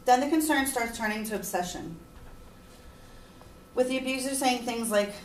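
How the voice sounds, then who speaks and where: A woman's voice: fairly high pitch, normal speed, pauses often, slight background noise. A woman giving an earnest persuasive speech, at times emotional. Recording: echoey room, mic far off.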